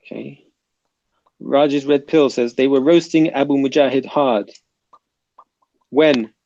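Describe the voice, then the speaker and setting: A man's voice: mid-range voice, fairly even intonation, slow pace, warm tone, no echo, highs cut off. A man with a South London accent hosting a casual livestream, reading viewer comments aloud and bantering. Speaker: livestream host reading chat.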